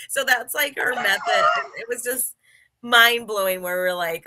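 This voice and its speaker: A woman's voice: medium pitch, moderate pace, bright, forceful tone. A woman guest in a casual interview, telling stories in a chatty way with many fillers and restarts. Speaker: interview guest, former gymnast.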